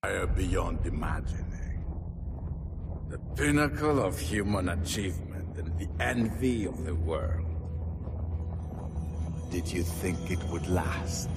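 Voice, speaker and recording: A gravelly menacing warlord. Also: male voice, low voice, lively intonation, exaggerated voice. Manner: slow, grandiose, building to shouted threats. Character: menacing warlord addressing an empire. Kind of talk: film trailer voice-over. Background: loud dramatic music.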